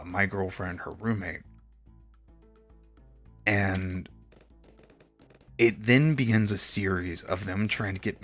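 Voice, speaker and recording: A man's voice: sits low, fairly bright tone. A young man streaming, telling a story casually with exasperated, profane asides.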